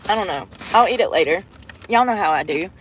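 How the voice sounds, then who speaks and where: A woman's voice: on the low side, lively intonation, a little fast, slight background noise. A woman live-streaming from inside her car on a phone camera, chatting to viewers in a casual, profane way. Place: inside a parked car at a drive-thru.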